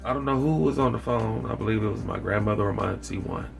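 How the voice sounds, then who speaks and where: A man vlogging a candid personal story with wry dark humor, rambling and repeating his phrases. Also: on the low side, fast, gravelly. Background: background music.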